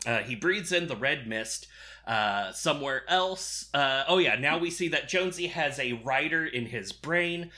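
A man's voice: mid-range voice, animated, unhurried, bright, forceful tone. A man recapping a movie plot in casual, crude, sarcastic podcast chat. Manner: sarcastic, crude, laughing often.

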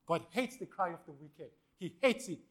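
A male pastor, preaching a sermon and calling out to the congregation for responses, with swings between loud and hushed lines. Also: on the high side, expressive, normal speed.

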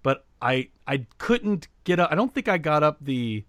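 Animated man telling a story on a podcast. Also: fairly high pitch, normal speed, no echo, studio quality. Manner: animated storyteller, many restarts, gets loud retelling the joke. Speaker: podcast co-host. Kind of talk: casual storytelling chat.

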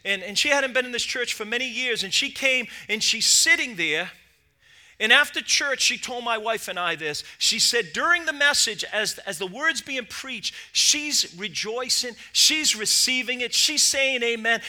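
A man with a strikingly high, piercing voice preaches a fervent sermon. He is middle-aged and swings from low, quiet asides to shouted peaks. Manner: impassioned, rising to shouts and dropping to low asides. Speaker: lead pastor.

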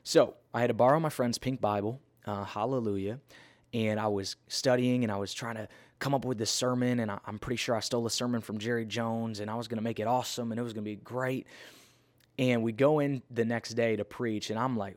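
A man telling a personal story in a sermon, animated and conversational, with many fillers and restarts. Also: mid-range voice, brisk. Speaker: preacher.

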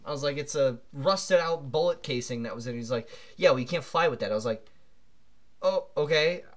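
Man, podcast co-host, casual storytelling, rambling, fairly high pitch. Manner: rambling, animated anecdote telling with many fillers.

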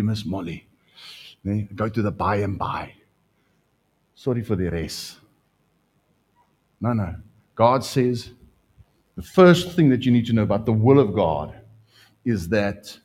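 A middle-aged man preaching a lively sermon as pastor, his voice leaping higher when he gets excited. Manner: animated preaching, pitch jumping up when excited.

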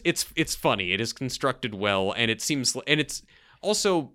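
A man co-hosting a podcast who talks in casual, animated bursts. His pitch swings widely and his tone is bright and forward. He laughs easily and mocks lines in a high voice. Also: normal speed, clean tone. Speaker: podcast co-host. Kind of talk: casual chat reviewing a sitcom episode.

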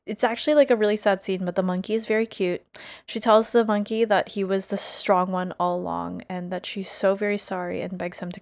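Woman podcast co-host, mid pitch, chatty and hedging, dry close mic. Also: no room sound. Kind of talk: casual recap chat.

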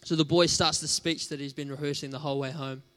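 A man's voice: a little high, level tone, fast, a bit bright. A man preaching a sermon in a conversational, storytelling way, with casual fillers.

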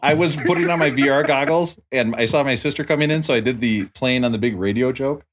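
A man's voice: mid-range voice, quick pace, slight background noise. A man hosting a casual music podcast, joking and bantering with his guests. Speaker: podcast host.

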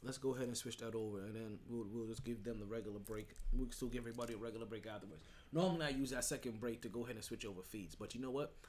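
A man's voice: medium pitch, racing, hardly any pauses, a little mellow. Emphatic rambling podcast host, man. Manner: rambling, emphatic, frequent restarts and "right?". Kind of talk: casual sports talk.

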